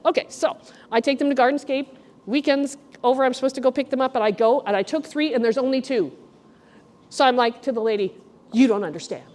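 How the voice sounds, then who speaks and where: Middle-aged woman, gallery curator, chatty and animated, talks straight to the group, somewhat high-pitched. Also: brisk. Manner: chatty, animated storyteller, addresses the group directly. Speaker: guest curator. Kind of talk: gallery walk-through talk to a group. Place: art gallery exhibition room.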